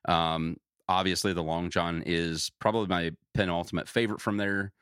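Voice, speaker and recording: Man, joking co-host, very low voice, loose and profane. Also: steady tone, moderate pace, fairly bright tone, clear, resonant tone, dry recording, studio quality. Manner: joking, casual, swears freely. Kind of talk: casual chat.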